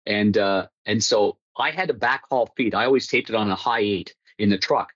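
A man with a lowish voice tells long broadcasting stories, stumbling and restarting as he goes and laughing at his own punchlines. The sound is dull and dry, like a muffled remote line. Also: moderate pace, fairly bright tone, breathy edge, no room sound. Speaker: hockey broadcaster, interview guest. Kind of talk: casual storytelling interview.

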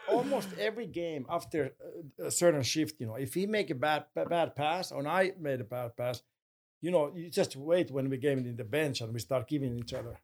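A man guest chatting casually in an interview, halting and playful, laughing as he talks. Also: fairly high pitch, darkish tone, slight background noise. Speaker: former player, guest.

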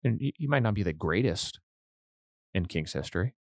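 A man's voice: low-pitched, animated, moderate pace, dry recording, clean studio sound. A man hosting a casual hockey podcast, an enthusiastic fan who rambles and restarts his sentences. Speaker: podcast host.

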